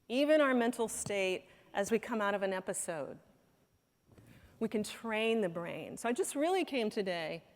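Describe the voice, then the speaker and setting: A woman giving a conference talk, telling a story in an earnest way and acting out the quoted dialogue. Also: medium pitch. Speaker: conference speaker. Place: conference hall. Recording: hall reverb.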